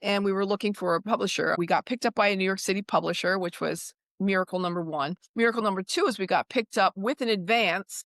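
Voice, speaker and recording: A woman's voice: medium pitch, fast talker, few pauses, no room sound. A woman guest in a casual interview, talking expressively and acting out the lines she quotes. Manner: expressive storyteller, acts out quotes.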